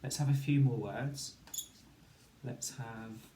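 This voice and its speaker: A man's voice: medium pitch, steady tone, slow, mellow, echoey room, slight background noise. A man teaching a phonics lesson to children, counting to three and sounding out letters one by one. He mentions having hay fever. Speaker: primary school teacher.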